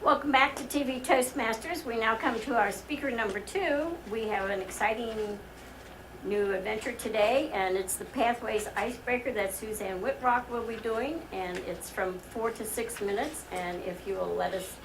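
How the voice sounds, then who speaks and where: A woman's voice: fairly high pitch, moderate pace, slight background noise, low-quality recording. A woman hosting a club meeting, friendly as she thanks speakers and announces what comes next. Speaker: meeting host.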